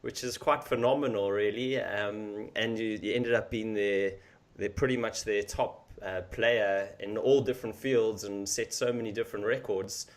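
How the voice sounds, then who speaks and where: A man's voice: fairly low pitch, fairly even intonation, moderate pace. Upbeat male podcast host. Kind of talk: casual interview questions.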